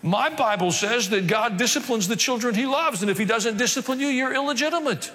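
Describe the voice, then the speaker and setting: A man's voice: very high voice, brisk, bright, forceful tone. A male pastor preaching a sermon, dropping wry asides and acting out quoted voices. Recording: long reverb of a large hall.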